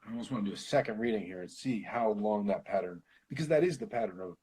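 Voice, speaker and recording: An American man leading a casual Bible study, reading verses aloud and thinking out loud between them, with the odd swear and laugh. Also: fairly low pitch, animated, fast, husky, rough recording. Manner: thinks aloud, swears, laughs, reads Hebrew then explains.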